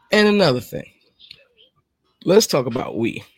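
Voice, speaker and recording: A man's voice: on the high side, slightly rough, no echo. A man, hosting his podcast in a casual monologue. He rambles, jokes and laughs as he talks. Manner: laughing, joking, rambling, lively. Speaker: podcast host.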